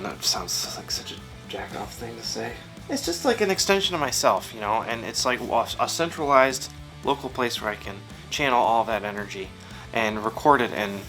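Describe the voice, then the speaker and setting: In his home studio, a thirtysomething man who writes and draws comics answers an interviewer in a mid-range, slightly bright voice. His replies wander, lean self-deprecating, and are full of fillers.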